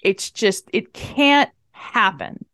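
A woman's voice: mid-range voice, slow, no room sound. Chatty woman podcaster, dry sound. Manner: animated retelling with acted-out quotes and swearing. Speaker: podcast co-host. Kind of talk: casual chat.

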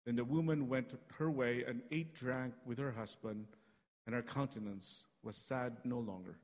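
A man's voice: medium pitch, moderate pace, darkish tone. Man reading scripture in church. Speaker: scripture reader. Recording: long church hall reverb.

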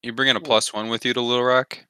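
A man's voice: medium pitch, little pitch movement, quick pace, sharp tone, clear, resonant tone. A young man co-hosting a casual podcast chat with friends, joking, swearing freely and laughing often. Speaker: podcast co-host.

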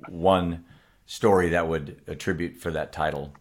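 A man with a very deep voice hosts an interview. He asks plain questions and adds brief words of agreement while his guest talks. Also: fairly even intonation, measured pace. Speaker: interviewer, host.

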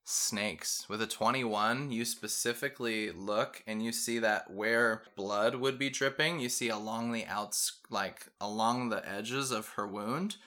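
A game master narrating a tabletop game in a casual way, full of fillers. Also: male voice, lowish voice, measured pace, few pauses, pushed and bright. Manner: casual, many fillers, describes scenes.

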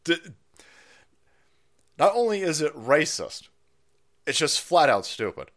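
A man hosting a livestream, ranting with heavy profanity and mockery, swinging from loud outbursts to low mutters. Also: very animated, slow pace. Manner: profane, mocking, swings between shouting and muttering, laughs often. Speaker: livestream host. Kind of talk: ranting live commentary.

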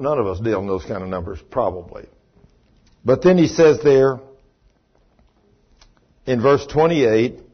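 A man's voice: mid-range voice, slightly rough. An older man preaching a sermon, telling the story in a folksy way and acting out the lines of the people in it. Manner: folksy storytelling with acted-out dialogue. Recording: muffled lo-fi recording.

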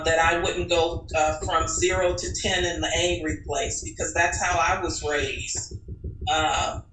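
A woman guest tells personal stories in an animated, chatty way. Her voice is bright and clear, and it rings around an echoey room. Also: on the low side. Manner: animated and chatty, with many fillers and restarts. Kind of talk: casual personal storytelling.

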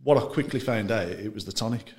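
A man's voice: fairly low pitch, fast talker, a little mellow. A man talking casually about his gin brand in an interview, chatty and loose, often trailing off mid-sentence. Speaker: gin brand founder, guest.

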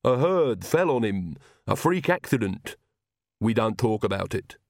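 A man's voice: fairly low pitch, very animated, unhurried, a little mellow, dry recording, studio quality. A man doing a mumbling, earnest castle servant. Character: earnest stitched-together male castle servant.

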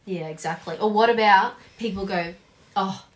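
An Australian woman co-hosting a casual podcast chat, animated and acting out quotes, swearing casually. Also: on the low side, normal speed. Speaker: podcast co-host.

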